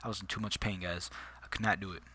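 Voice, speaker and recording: A man's voice: low-pitched, steady tone, quick pace, bright, forceful tone, husky, no echo. A man telling a personal story in casual, slangy vlog chat, calling his listeners dude and bro. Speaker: vlogger.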